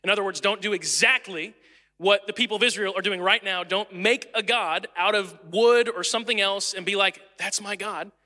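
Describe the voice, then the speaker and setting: A young man with a high, very bright voice preaches a sermon. He is casual and jokey and acts out the people in his stories, and his voice carries a long reverb from a church hall. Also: normal speed. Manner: casual, joking storyteller who acts out quotes. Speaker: pastor. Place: church auditorium.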